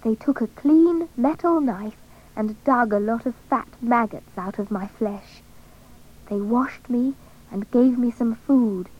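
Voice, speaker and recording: High-voiced, slow woman narrator. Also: dull audio. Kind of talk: scripted first-person narration.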